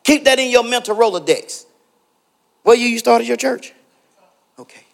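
A middle-aged man preaching with a strikingly high, lively voice that swings widely in pitch. He tells personal stories, calls out members of the congregation by name, and climbs into shouted exhortations. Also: moderate pace, vocal fry. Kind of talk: sermon with personal storytelling.

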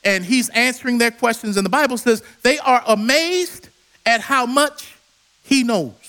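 A man's voice: extremely high pitch, a little slow, pushed and bright. A male preacher delivering a sermon with dramatic storytelling and call-and-response.

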